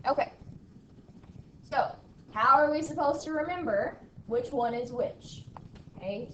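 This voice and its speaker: Slow-speaking woman teacher in an echoey classroom. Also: on the high side. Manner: drills class with call-and-response, frequent "okay?". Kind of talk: classroom math lesson. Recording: echoey room from far off, faint background noise.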